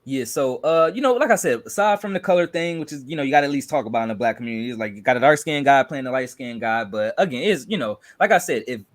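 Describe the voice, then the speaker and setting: A man from Chicago with a Chicago accent, chatting casually as co-host of a trailer reaction video, talking with many fillers and animated bursts. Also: mid-range voice, fast talker, few pauses, no echo.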